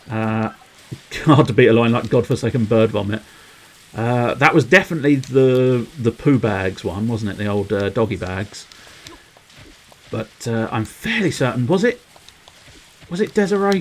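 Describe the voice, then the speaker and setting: Rambling, low-voiced male game streamer. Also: slight background noise, poor audio. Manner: rambling, playful innuendo, chats to viewers. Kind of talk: casual livestream commentary.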